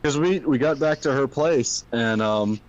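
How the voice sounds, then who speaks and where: A man chatting casually on a podcast, telling stories with a lot of swearing and halting restarts. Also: medium pitch. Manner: storytelling, profane, hesitant restarts. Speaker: podcast guest. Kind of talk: casual chat. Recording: dull lo-fi audio.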